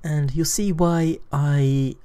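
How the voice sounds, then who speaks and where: Male programming tutor, warm low-key delivery, talks through code as he types it. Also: steady tone, a little hiss or hum. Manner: unhurried, thinks aloud with frequent fillers. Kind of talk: screen-recorded coding tutorial.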